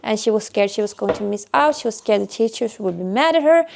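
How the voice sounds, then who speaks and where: A woman's voice: medium pitch, animated, quick pace, vocal fry, background noise. A woman vlogger and mother retelling a hard morning in casual, earnest storytelling. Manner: earnest, emotional retelling with sighs. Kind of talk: casual storytelling while cleaning.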